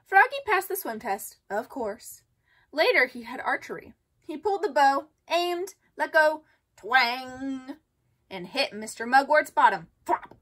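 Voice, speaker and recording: A woman reads a children's picture book aloud in a high voice that swoops up and down. She is expressive and sing-song, acting out each sound effect with relish. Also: a little slow. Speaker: children's story reader. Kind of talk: storybook read-aloud for kids.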